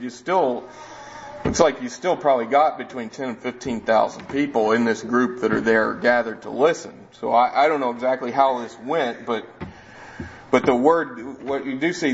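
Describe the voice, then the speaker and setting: A man's voice: mid-range voice, slight background noise. Male Bible teacher, casual and digressive, mid-range voice, somewhat lo-fi recording. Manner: conversational, with frequent restarts and asides. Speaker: preacher. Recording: dull lo-fi sound.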